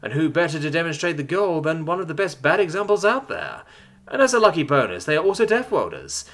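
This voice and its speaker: Man doing a chirpy, brisk woman on a call. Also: on the high side, very animated, a bit bright, pitched above the performer's own voice. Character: curt female officer on a call, brisk.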